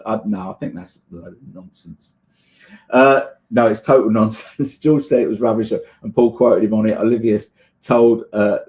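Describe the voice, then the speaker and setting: Gravelly man chatting on a livestream. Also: lowish voice, darkish tone. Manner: chatty, hesitant with many fillers, laughs often. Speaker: livestream host reading chat. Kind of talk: casual chat.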